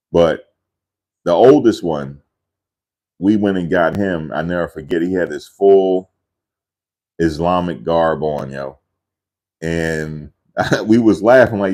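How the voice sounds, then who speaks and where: A man's voice: low-pitched, a little mellow. A man casually telling a rambling family story in a loose, slangy way, often repeating himself.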